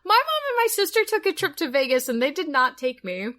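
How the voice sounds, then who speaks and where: A woman's voice: high-pitched, very animated, fairly quick, bright, forceful tone. A woman co-hosting a podcast in casual chat, giggly and playful. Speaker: podcast co-host.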